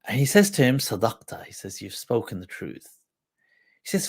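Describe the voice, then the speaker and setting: A man hosting a livestream who tells an old story with quoted dialogue, reciting Arabic quickly before translating it, mixing in Urdu phrases and laughing along the way. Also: mid-range voice, very animated, breathy edge. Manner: mixes Urdu phrases into English. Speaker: livestream host and mufti.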